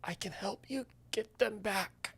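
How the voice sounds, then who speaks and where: A woman voicing a frightened young male halfling who pleads in a soft, hushed voice in a tabletop game. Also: medium pitch, measured pace, vocal fry, breathy edge, full character voice. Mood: pleading.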